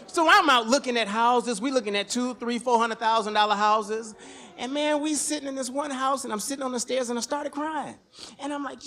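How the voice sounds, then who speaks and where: A man telling a personal story on stage in an animated, conversational, slangy way. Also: extremely high pitch, brisk. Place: stage at a museum event.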